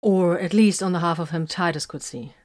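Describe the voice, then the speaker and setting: Low-voiced woman narrating an audiobook. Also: fairly quick, darkish tone.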